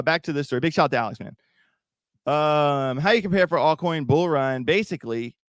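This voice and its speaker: On a crypto livestream, a male YouTube host chats loosely with his audience, rambling, restarting sentences, and repeating himself. He speaks at a medium pitch. The audio is clean studio sound without any echo.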